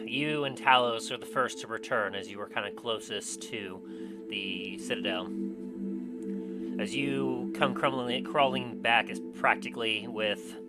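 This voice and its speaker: A man's voice: lowish voice, rough recording. A man narrating a tabletop game as game master, rambling with lots of restarts and filler words.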